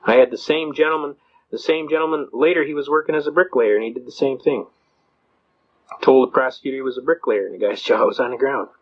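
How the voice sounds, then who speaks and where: A man's voice: medium pitch, fairly even intonation, quick pace. A middle-aged American man telling courtroom stories in a blunt, folksy way. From United States. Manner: folksy, blunt, repeats words when starting a sentence. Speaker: speaker on self-representation in court. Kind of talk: folksy storytelling lecture. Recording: dull lo-fi recording.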